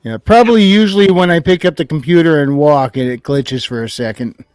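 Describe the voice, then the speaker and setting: A man's voice: on the high side, a little mellow, clear, resonant tone, no room sound. Easygoing man, dry close sound. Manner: easygoing, quick to laugh. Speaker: show regular. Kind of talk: casual group chat.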